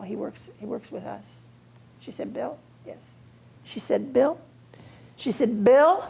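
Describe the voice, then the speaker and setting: An older woman, a guest in a live onstage conversation, telling relaxed anecdotes and laughing now and then. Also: medium pitch, creaky. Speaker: interview guest. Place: auditorium before an audience.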